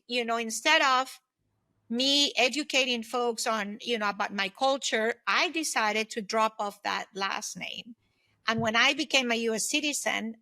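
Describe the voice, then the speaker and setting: A woman in her fifties speaks as a podcast guest, her voice bright and forward and pitched a little high. She tells personal stories earnestly and at length. The recording is close and dry, with almost no room sound. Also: no echo. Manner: earnest, reflective, talks in long anecdotes. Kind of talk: conversational interview storytelling.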